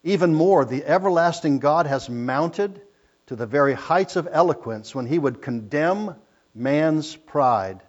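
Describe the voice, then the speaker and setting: A man preaching a sermon, reading scripture with rising emphasis and loud, drawn-out phrases. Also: a little high, lively intonation, dull audio.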